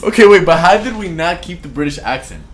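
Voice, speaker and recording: A man's voice: fairly high pitch, expressive, fast. A young man from Florida with a Miami accent, co-hosting a casual podcast and asking question after question. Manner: quizzical, keeps asking questions. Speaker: podcast co-host. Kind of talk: casual chat.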